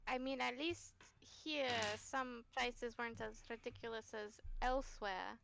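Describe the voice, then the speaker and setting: A woman with a somewhat high, gravelly voice, chatting in character during an online tabletop session. She teases the others and swears offhandedly. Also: steady tone, unhurried, fairly bright tone. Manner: teasing, swears casually. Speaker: tabletop game player. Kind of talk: in-character banter during a game.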